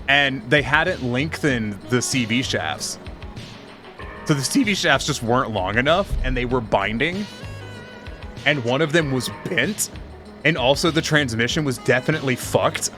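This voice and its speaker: A man's voice: mid-range voice, expressive, measured pace, pauses often, over music. A man streaming a game, telling rambling, profane work stories in casual chat. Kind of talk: casual chat while gaming.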